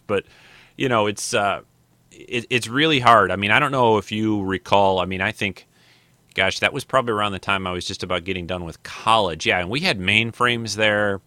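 A man in his fifties hosts a casual podcast with a deep voice and a bright, forceful edge. He rambles, restarts sentences and leans on fillers. The sound is close and dry. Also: normal speed, no echo. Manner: rambling, many fillers and restarts, thinks aloud. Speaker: podcast host.

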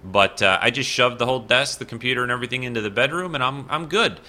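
A man's voice: medium pitch, fast, pushed and bright. A man hosting a casual solo podcast from his apartment bedroom, rambling and goofy with lots of fillers. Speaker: podcast host.

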